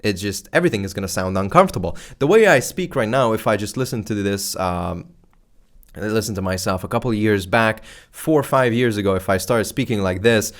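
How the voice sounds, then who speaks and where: This lowish-voiced man is a YouTube creator coaching video creators on strategy, speaking into a close microphone aimed at the camera. The energetic talking-head lesson is animated and slangy, loud and playful, with intentionally overblown excitement.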